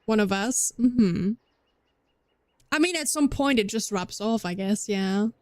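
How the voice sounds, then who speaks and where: Unhurried and expressive at medium pitch, with no echo, a young German streamer talks casually to viewers during gameplay. A slight Scandinavian tinge colors her accent, and she rambles, often beginning sentences again.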